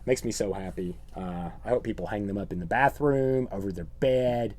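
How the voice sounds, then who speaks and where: A middle-aged man hosting a horror channel, talking through his collection in a rambling, sardonic show-and-tell monologue full of deadpan jokes. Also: fairly low pitch, normal speed.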